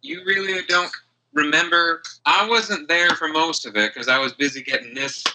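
A man's voice: on the high side, normal speed, noisy background, voice pushed up, lightly acted. A man voicing a hungover, friendly female dwarf warrior who chats and rambles gratefully. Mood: recounting.

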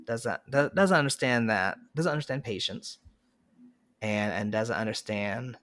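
A man guesting on a casual podcast, telling playful, animated stories. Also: on the low side, a little slow.

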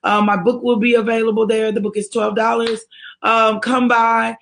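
A woman hosts a livestreamed morning devotional for her ministry. She speaks in a lively, exhortative way and greets viewers by name. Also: on the high side, normal speed, gravelly. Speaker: ministry leader hosting a devotional.

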